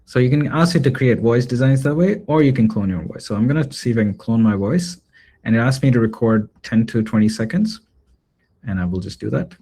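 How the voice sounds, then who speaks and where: A man teaching a live online class, explaining a demo casually with frequent pauses and filler words. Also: medium pitch, expressive, warm tone. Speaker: workshop instructor.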